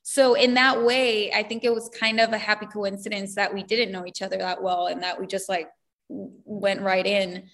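Giggling and chatty, a woman who acts gives a casual interview full of "like" fillers. She speaks at a moderate pace in a mid-range voice that's fairly bright but flat in delivery.

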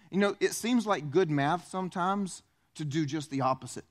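A man pastor preaching a sermon, animated and acting out the voices he quotes. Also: a little high, moderate pace.

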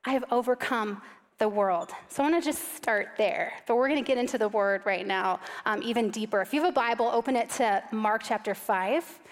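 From a stage, a woman in her thirties with a high voice delivers a brisk storytelling sermon, blending animated, self-deprecating anecdotes with scripture. A long reverb from the large church hall surrounds her voice.

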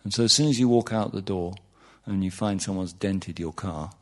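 A meditation teacher with a deep voice gives an informal, humorous talk on meditation to an audience at normal speed. He's full of asides and "you know"s, and his voice jumps up for emphasis.

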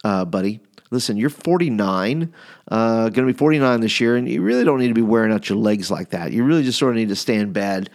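A man's voice: fairly low pitch, expressive, fast talker. A man voicing his own excuses as wheedling, threatening mafia hitmen. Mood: coaxing. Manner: wheedling, menacing, calls the listener buddy.

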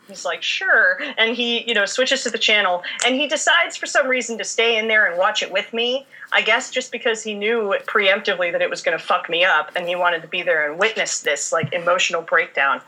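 A young woman, a fan fiction writer, chatting as a guest and telling long, animated stories that she laces with laughter. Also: mid-range voice, fairly quick, few pauses, low-quality recording. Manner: rambling, animated storytelling with laughter. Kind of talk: casual chat.

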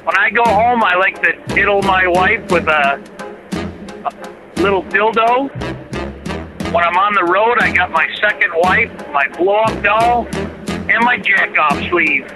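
A man doing a crude bragging trucker pitchman. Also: unhurried, pauses often, music in the background, poor audio. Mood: lewd, boastful. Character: crude middle-aged male trucker pitchman. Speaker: caller.

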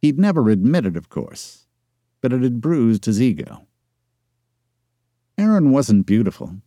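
A male audiobook narrator reading a romance novel in even, measured scripted narration. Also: medium pitch, no room sound.

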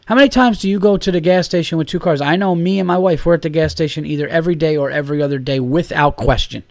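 A man, hosting a solo podcast and ranting, animated and profane, getting loud and high when worked up. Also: fast talker, gravelly, no room sound. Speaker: podcast host.

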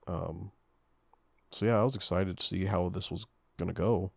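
A man's voice: low voice, fairly even intonation, moderate pace, vocal fry. A man co-hosting a casual movie commentary podcast, talking hesitantly with many fillers. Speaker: podcast co-host.

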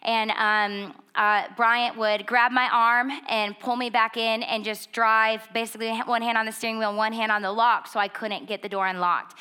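Bright, candid woman preaching. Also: on the high side, clean tone. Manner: candid, animated storytelling with rising emphasis. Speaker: speaker giving a testimony. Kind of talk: testimony sermon to a live audience.

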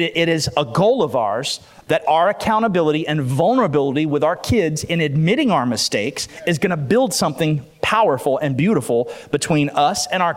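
A man in his forties preaching a sermon, telling stories about his family with animated energy and urging the congregation. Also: fairly high pitch. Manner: animated, storytelling, urging the crowd. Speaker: pastor.

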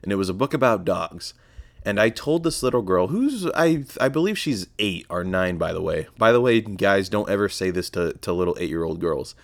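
A man's voice: low voice, animated, moderate pace, creaky, no room sound. A young man hosting a casual solo podcast, rambling and sarcastic, with frequent swearing and self-corrections. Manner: profane, rambling, sarcastic asides. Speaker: podcast host.

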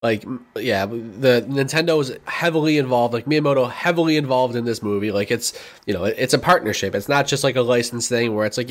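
A man's voice: mid-range voice, a little fast. A man co-hosting a gaming podcast, talking laid-back and loose, full of "dude" and "like". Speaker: podcast co-host. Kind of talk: casual gaming podcast chat.

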